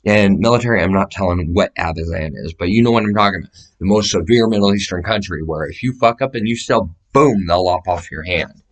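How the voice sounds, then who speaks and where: Low-voiced man rambling profanely. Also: a little fast. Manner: profane, meandering, gestures while describing sizes. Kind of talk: rambling casual monologue to camera.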